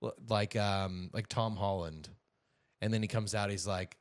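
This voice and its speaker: A man's voice: on the low side, fairly even intonation, measured pace, slight background noise. A young adult man co-hosting a podcast, joking around in playful, teasing banter. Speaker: podcast co-host. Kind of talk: casual chat.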